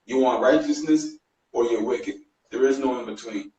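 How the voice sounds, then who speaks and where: A man's voice: medium pitch, moderate pace, dark tone, dull audio. Blunt man preaching in a roomy space. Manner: blunt, emphatic. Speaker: fellow preacher in a debate. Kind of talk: casual preaching with scripture reading. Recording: roomy, distant, faint noise.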